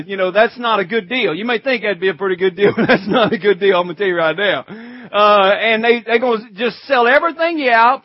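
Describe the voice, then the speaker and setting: High-voiced preacher man, lo-fi recording. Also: no room sound. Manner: conversational preaching, calls to the congregation; reads scripture in old-fashioned wording. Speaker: pastor. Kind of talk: sermon.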